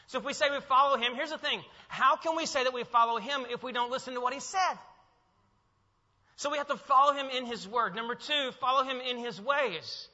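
A man preaches a sermon with a high, very bright voice, swinging between hushed reflection and emphatic, rising declarations. The recording is muffled and carries a long reverb from the church hall. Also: fairly quick. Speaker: pastor. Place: church sanctuary.

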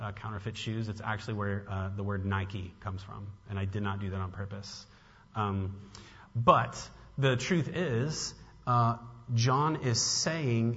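A man's voice: mid-range voice, fairly bright tone. Man preaching in an echoing hall. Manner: conversational preaching with fillers and restarts. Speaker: pastor. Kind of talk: sermon. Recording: dull sound with long hall reverb.

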